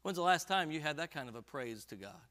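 A man with a high, bright voice preaches a sermon in a church. He drops to quiet, confessional tones, then rises to loud, fervent reading of scripture. His delivery is earnest and full of swings in volume. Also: big pitch swings, fast. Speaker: pastor. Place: church sanctuary.

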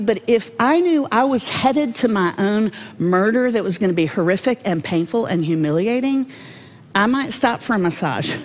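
A woman giving a devotional Bible teaching, folksy and humorous, with animated storytelling. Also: mid-range voice.

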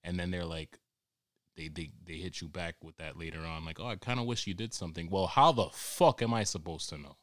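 A man's voice: low voice, a little fast, fairly bright tone, no room sound, clean studio sound. A man hosting a podcast, ranting in a rambling, crude, exasperated comic monologue, recorded at home. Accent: New York. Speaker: podcast host. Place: home during quarantine.

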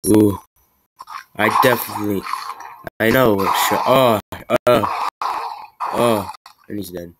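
A man giving rambling, excitable, self-mocking gameplay commentary. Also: fairly low pitch, takes it slowly, pauses often, very noisy. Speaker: gamer.

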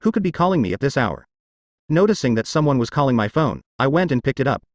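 A male audiobook narrator reads a first-person fantasy story as a wry, sardonic inner monologue. His pitch moves a lot from line to line. The recording is dry and close, with no room sound. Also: very animated, quick pace, dry recording.

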